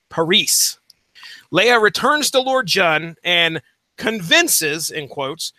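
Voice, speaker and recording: A podcast host with a bright, forceful tone and a high voice that swings all over. He recaps the plot and then quizzes his co-hosts with animated questions. The sound is close and dry. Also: no room sound. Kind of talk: casual podcast discussion.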